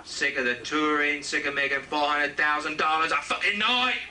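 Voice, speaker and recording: A man's voice: a little high, normal speed, roomy sound, noisy background, lightly acted. A man voicing a burned-out rock star who whines and complains, in a live comedy set. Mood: whiny. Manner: whining, complaining. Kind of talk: stand-up comedy impression. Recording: distant live club recording, loud crowd.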